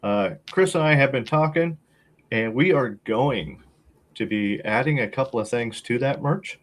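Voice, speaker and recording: A man's voice: mid-range voice, expressive, a little slow. A man co-hosting a casual podcast, talking in a laid-back, rambling way with lots of fillers and a wry, sarcastic streak. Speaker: podcast co-host.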